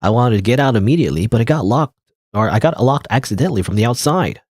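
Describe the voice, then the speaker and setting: A man's voice: mid-range voice, lively intonation, quick pace, darkish tone, dry recording, clean studio sound. A man voicing a friendly, cocky young male burglar who talks in a breezy, chummy way. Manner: chummy, breezy, smooth-talking.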